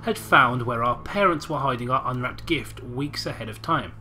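A man's voice: medium pitch, normal speed, pushed and bright, faint music behind. A man reading a story aloud with sarcastic joking asides. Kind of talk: comedic reading with banter.

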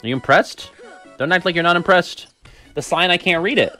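A man's voice: high voice, a little fast, bright, forceful tone, faint music behind. A man streaming video games, chatting casually with his viewers, joking and swearing freely. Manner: joking, profane, talks to chat. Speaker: gaming streamer. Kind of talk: casual gaming stream chat.

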